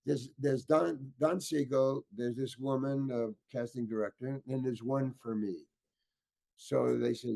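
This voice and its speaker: Brief: older male actor as interview guest, lively swooping delivery, restless restarts, heated storytelling. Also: medium pitch, unhurried, gravelly. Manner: animated, stammering restarts, acts out voices in his story. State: getting worked up.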